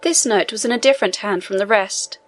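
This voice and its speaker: A woman narrating a classic novel in an even, measured reading. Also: mid-range voice. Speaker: audiobook reader. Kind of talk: scripted narration.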